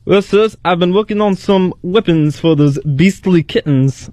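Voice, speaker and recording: A man's voice: a little high, sing-song, normal speed. A man doing a bad fake-English lad. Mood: earnest. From United States. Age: young adult. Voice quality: weak, unconvincing English accent put on. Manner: formal, calls everyone sir. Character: stiffly polite young English lad, male. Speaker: radio show intern. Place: radio studio.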